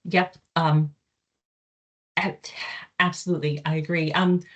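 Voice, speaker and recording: A woman's voice: deep voice, little pitch movement, measured pace, fairly bright tone, dull audio. A woman speaking as a guest lecturer in a question session on a video call, thoughtful and hesitant with fillers. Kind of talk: Q&A after an academic talk.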